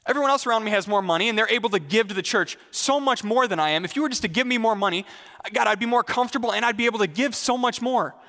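A man's voice: high voice, fast talker, sharp tone, in a large hall. A preacher voicing a self-pitying male believer who whines and complains to God. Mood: whiny indignant. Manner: whiny, indignant, exasperated.

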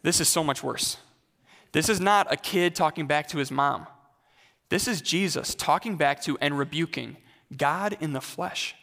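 Bright-voiced male pastor preaching. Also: fairly high pitch, normal speed, creaky, big-room sound. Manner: conversational, questions the congregation directly. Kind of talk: sermon.

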